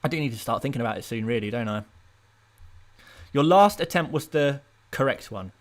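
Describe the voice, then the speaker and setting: A young man from England chatting casually on a live stream, rambling and self-mocking, with bursts of playful excitement while he reads viewer comments. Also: mid-range voice, fairly quick. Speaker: fantasy football streamer.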